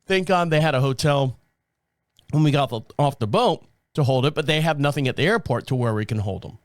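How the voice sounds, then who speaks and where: A man's voice: medium pitch, brisk, no echo, studio quality. A man hosting a podcast, telling a casual story with lots of swearing and laughter. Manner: animated, profane, laughs often. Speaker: podcast host.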